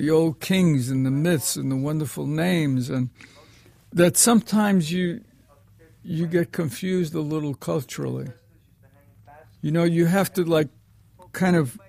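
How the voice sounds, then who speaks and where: Man, raised voice with gravel, rambling storyteller, film director in interview. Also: fairly high pitch, darkish tone. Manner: rambling, digressive anecdote telling. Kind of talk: reminiscing interview answer.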